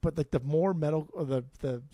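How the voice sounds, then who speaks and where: A man's voice: a little high, fairly quick, warm tone, no echo. A man co-hosting a casual music podcast, rambling through blunt, profane opinions. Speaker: podcast co-host.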